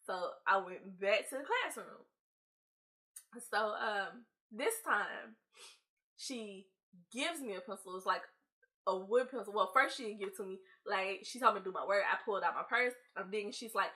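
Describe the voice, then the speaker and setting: A young woman vlogger telling a casual story in an animated, slangy way, acting out the people in it. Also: mid-range voice, normal speed.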